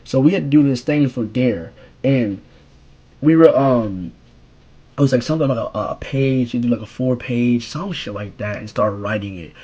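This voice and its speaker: A young man telling a profane, slangy story about his school days, jumping from loud exclamations to low mumbled asides. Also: normal speed, breathy edge, muffled recording. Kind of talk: casual storytime rant.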